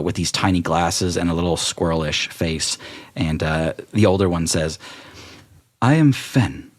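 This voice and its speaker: A man narrating a tabletop game as game master, telling it loosely with plenty of fillers. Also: sits low. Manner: loose, filler-heavy storytelling.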